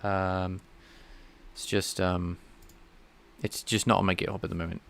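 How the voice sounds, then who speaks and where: A man's voice: sits low, flat delivery, unhurried, creaky. A man live-streaming his programming work, thinking aloud in a casual, rambling way and chatting with viewers. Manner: rambling and self-deprecating, chatting with viewers between tasks.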